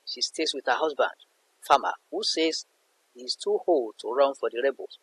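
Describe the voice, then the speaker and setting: A husky-voiced man explains a set novel to students. His pitch swings widely as he leans on key words, and he often circles back to repeat a point. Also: expressive, normal speed, a bit bright, low-quality recording. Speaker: literature teacher. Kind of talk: explanatory lesson narration.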